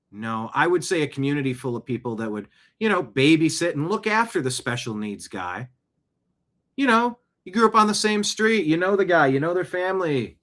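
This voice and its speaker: A man's voice: a little high, a bit bright. A man hosting his own show, giving opinionated news commentary full of indignant rhetorical questions. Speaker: show host.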